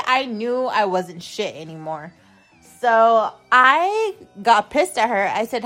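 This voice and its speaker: A woman's voice: fairly high pitch, big pitch swings, takes it slowly, a bit bright, soft background music. A young adult woman hosting a podcast, telling a personal story in a rambling, blunt, profane way, often repeating herself. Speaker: podcast host. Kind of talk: casual storytelling monologue.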